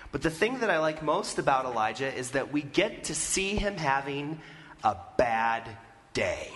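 A man's voice: fairly high pitch, a bit bright, long reverb tail. A male pastor preaching a storytelling sermon and putting questions to the congregation.

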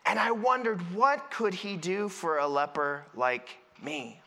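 A man's voice: high voice, measured pace, sharp tone, exaggerated voice. A man playing a Samaritan leper in a first-person sermon monologue, telling his story earnestly and with emphasis. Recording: long reverb in a large hall.

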